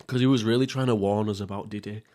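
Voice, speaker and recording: A man's voice: on the low side, steady tone, quick pace, darkish tone. A young man hosting a casual mukbang podcast, rambling and swearing, often laughing at himself. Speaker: podcast host. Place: at home, seated.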